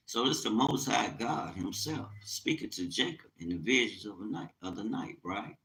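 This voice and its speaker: A man's voice: on the low side, animated, moderate pace, gravelly, few pauses, fairly bright tone, low-quality recording. A man teaching the Bible on a livestream, reading scripture aloud and commenting with urgent, emphatic preaching.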